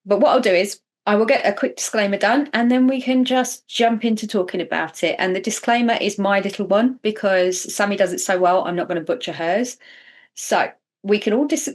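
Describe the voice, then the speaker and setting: A woman hosting a podcast in casual chat, chatty and self-mocking with quick asides. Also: mid-range voice. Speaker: podcast host.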